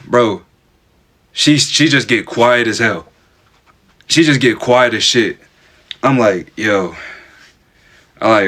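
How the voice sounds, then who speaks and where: A man's voice: medium pitch, takes it slowly, pauses often, sharp tone. A man telling a personal story casually to camera, chatty and stammering. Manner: chatty, repeats "bro", stammers.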